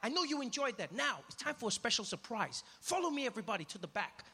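A man voicing a theatrical male tour guide who announces in a grand, booming way. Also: big pitch swings, fast talker, bright, forceful tone, husky, long reverb tail, heavily acted.

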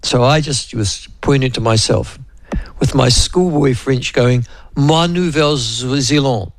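A man's voice: mid-range voice, a little slow, dry recording. A New Zealand man hosts talk radio in a loose, rambling way and keeps calling his co-host and listeners by name. His voice sits in a mid register and sounds dry and close to the mic. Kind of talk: casual radio chat.

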